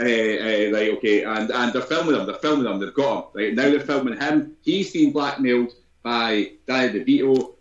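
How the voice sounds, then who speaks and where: A man talks over a film on a podcast, blunt and sweary, restarting his sentences as he goes. His voice sits fairly low. The recording has a roomy echo and a dull, lo-fi tone. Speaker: podcast co-host. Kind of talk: casual film review chat.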